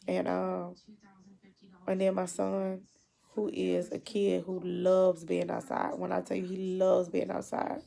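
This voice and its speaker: Gravelly emotional woman, halting speech. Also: fairly low pitch, monotone, warm tone. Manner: emotional, halting, repeats herself. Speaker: mother. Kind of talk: personal video diary.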